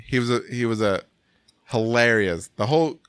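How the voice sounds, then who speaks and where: A man hosting a casual podcast chat about a film, animated and rambling, laughing often. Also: medium pitch, moderate pace, smooth, no room sound, clean studio sound. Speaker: podcast host. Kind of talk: casual movie review chat.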